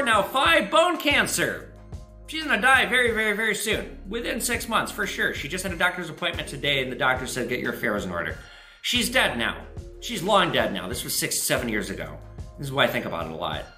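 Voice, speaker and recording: A bright, forceful male voice with a lively, swooping pitch, telling stories casually and cursing freely. The room around him rings with echo, and faint music plays under him. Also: fairly quick. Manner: animated, profane, jumps to high pitch for quoted voices. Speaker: host answering viewer questions. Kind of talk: casual storytelling monologue.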